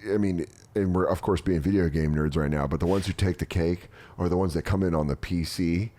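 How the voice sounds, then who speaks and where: A man with a low-pitched voice hosting a casual podcast. He tells crude, rambling stories and jumps into high voices to mimic other people. He sounds like he is in his thirties. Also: fairly even intonation, a little fast, warm tone. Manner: crude, joking storyteller who acts out quotes in high voices. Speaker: podcast host. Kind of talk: casual chat.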